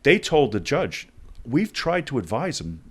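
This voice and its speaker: A man's voice: medium pitch, unhurried, slightly rough. A middle-aged man, telling stories in a podcast interview and acting out the dialogue as he goes. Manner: animated storyteller acting out dialogue. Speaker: guest, former hostage negotiator.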